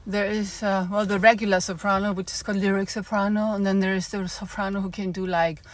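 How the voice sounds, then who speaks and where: A woman's voice: medium pitch, flat delivery, fast talker. Chatty woman vlogging from her car. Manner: chatty, explains with many fillers. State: slightly out of breath. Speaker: opera singer. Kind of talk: casual vlog explanation.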